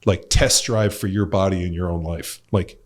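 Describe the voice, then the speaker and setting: A man's voice: low voice, steady tone, moderate pace. A middle-aged man hosting a podcast, talking in a loose, rambling way with lots of fillers and blunt swearing. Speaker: podcast host and coach. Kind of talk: casual podcast chat.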